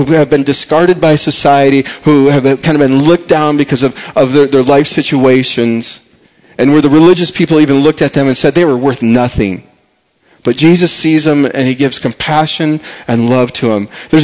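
A man preaching a sermon, impassioned, often repeating and restarting words, swinging between quiet and raised delivery. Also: medium pitch, low-quality recording. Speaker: pastor.

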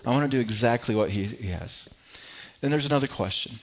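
A man's voice: medium pitch, fairly quick, highs cut off. A middle-aged man preaching a sermon as pastor, earnest and prone to repeating words as he builds his points.

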